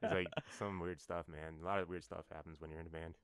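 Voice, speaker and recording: A man guesting on a podcast as a band's bassist, telling stories casually with many fillers and restarts. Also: steady tone, quick pace, no room sound. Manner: rambling storyteller, many fillers. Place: New York.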